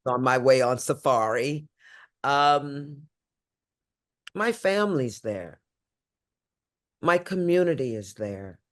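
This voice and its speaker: An older woman from St. Louis talks as an interview guest, warm and heartfelt. Her voice leaps high and loud on exclamations, then drops low and hushed. The delivery is lively and emotional throughout. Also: slow pace, pauses often. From St. Louis, USA.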